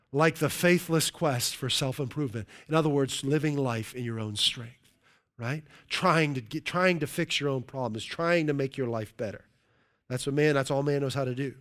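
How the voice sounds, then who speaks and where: A man's voice: on the high side, fairly bright tone. A male pastor preaching a sermon, stressing and stretching key words and often checking in with "right?".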